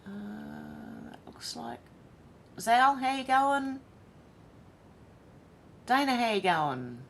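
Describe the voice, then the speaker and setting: A woman's voice: a little high, sing-song, drawn-out words, fairly bright tone, a little hiss or hum. An Australian woman hosting a casual livestream, chatting and reading viewer comments aloud one by one. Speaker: livestream host.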